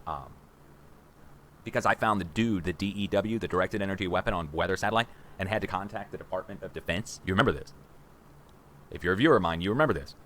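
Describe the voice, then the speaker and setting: A man in his forties hosting a rambling livestream from a room at home, excitable and conspiratorial, talking to viewers as guys. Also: low voice, fast talker, long pauses, a little hiss or hum. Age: 40s. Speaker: livestream host.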